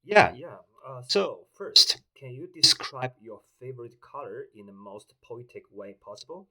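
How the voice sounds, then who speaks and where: Guy testing a voice assistant, kinda hesitant, bright sound. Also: medium pitch, expressive, a little slow, low-quality recording. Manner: hesitant, with many fillers. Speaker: tech reviewer host. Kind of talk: casual talk to a voice assistant.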